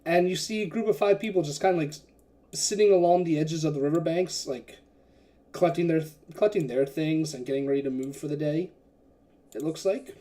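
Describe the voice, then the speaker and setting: A game master narrates a tabletop adventure in a loose, rambling way, full of fillers and restarts. The voice is mellow and dark in tone. The pitch sits in a middle range. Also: fairly quick. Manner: rambling, filler-heavy, casual.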